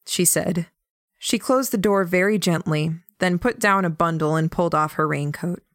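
A woman reading a novel aloud as a first-person audiobook narrator, calm and even. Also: on the low side, normal speed, no room sound, clean studio sound.

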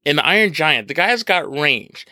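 A man co-hosting a casual film review podcast, animated and joking, with playful mock impressions. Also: on the high side, normal speed, no room sound, clean studio sound. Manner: animated, laughs often, does mock impressions. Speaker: podcast co-host.

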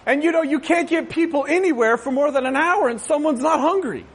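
Casting note: high-pitched male pastor, chatty sermon, joking asides, keeps asking the crowd if they agree. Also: fairly quick. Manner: conversational, asks the crowd "right?"; jokey asides.

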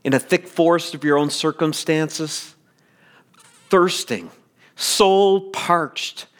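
A man preaching a sermon as pastor, earnest and deliberate, with stammered restarts. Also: a little high, fairly bright tone.

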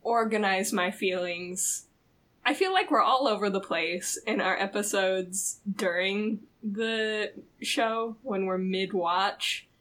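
A woman co-hosting a podcast speaks slowly in a mid-range, fairly bright voice. The casual chat finds her rambling, saying "like" a lot, and laughing often.

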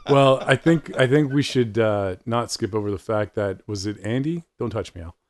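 A man's voice: fairly low pitch, moderate pace, slight background noise. A man in casual chat with bandmates, talking hesitantly with many restarts. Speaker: band member.

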